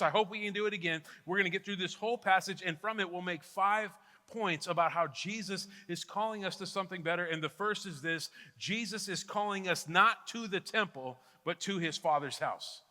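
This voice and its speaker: A man's voice: high voice, bright, forceful tone, long reverb tail. A middle-aged man preaching a sermon as pastor, telling a story with emphatic repetitions. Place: church sanctuary.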